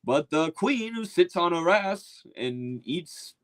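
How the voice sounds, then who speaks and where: A meek male commoner, as a man puts him on, simpers with prim, mock-posh deference. The pitch floats up above a plain speaking voice. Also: expressive, slow, fairly bright tone, clear, resonant tone, exaggerated voice. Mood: mock-servile.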